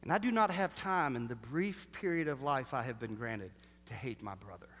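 A man preaching a sermon, animated and full of rhetorical questions, swinging between loud bursts and hushed lines. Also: medium pitch, moderate pace. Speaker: pastor. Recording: long reverb of a large hall.

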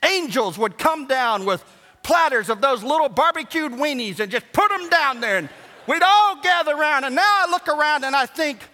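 A man preaching a sermon as pastor, animated and joking, swinging from hushed asides to shouts. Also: very high voice, moderate pace. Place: church sanctuary. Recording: long hall reverb.

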